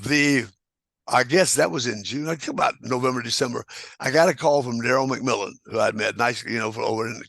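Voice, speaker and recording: Gravelly older man. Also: mid-range voice, fairly quick, fairly bright tone, dry recording. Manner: rambling anecdotes with chuckles and restarts. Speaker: guest square dance caller. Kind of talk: casual storytelling interview.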